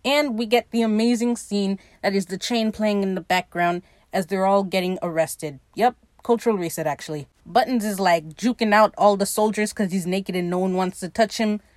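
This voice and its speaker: Woman doing a snarky tv recap, swears a lot, middle pitched voice, dry room. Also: moderate pace, few pauses, a little mellow, no echo. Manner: sarcastic, profane running commentary; acts out quoted dialogue while retelling. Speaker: podcast host recapping a TV series. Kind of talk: casual episode recap.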